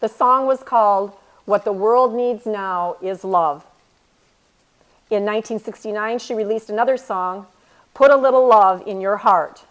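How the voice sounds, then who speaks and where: A middle-aged woman gives an inspirational faith talk to a women's group. She speaks earnestly in a medium-pitched voice. She slows down to stress and repeat her key phrases. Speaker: speaker at a women's church retreat.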